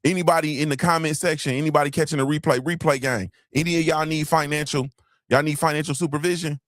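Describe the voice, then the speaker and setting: A man's voice: a little high, fairly even intonation, quick pace, no echo, studio quality. A man hosting a motivational podcast livestream, preaching and repeating his points, swearing casually and asking "you feel me". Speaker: podcast host.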